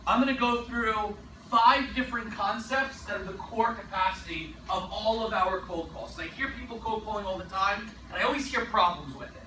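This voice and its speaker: A man giving a sales training talk, energetic and emphatic, often tossing in a rhetorical "right?". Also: high-pitched, moderate pace, few pauses, roomy sound, distant mic, a little hiss or hum, low-quality recording.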